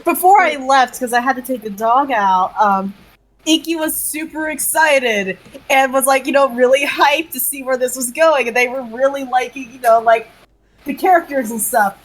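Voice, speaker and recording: A woman with a high voice in casual chat among friends. She talks emphatically and with strong opinions, often breaking into laughter. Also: moderate pace, rough recording. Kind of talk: casual chat on a group call.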